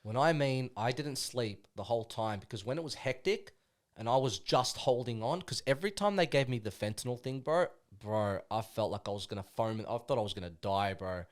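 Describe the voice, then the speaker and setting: A man's voice: mid-range voice, brisk. A young Australian man, a podcast guest, talking casually and rambling, full of slang and "bro". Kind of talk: casual conversation.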